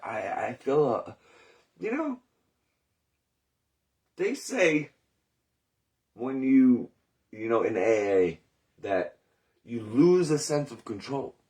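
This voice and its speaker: A man's voice: mid-range voice, darkish tone. A man in recovery telling his story in a candid, rambling monologue, swearing often and questioning himself aloud. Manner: rambling, profane, self-questioning.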